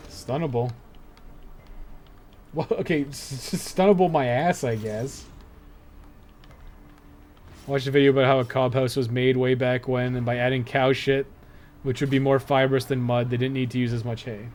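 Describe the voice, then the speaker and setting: A man's voice: mid-range voice, little pitch movement, normal speed, long pauses, a little mellow. A young man playing a dungeon game on a live stream, muttering and swearing through casual commentary. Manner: laid-back, swears a lot, muttering asides.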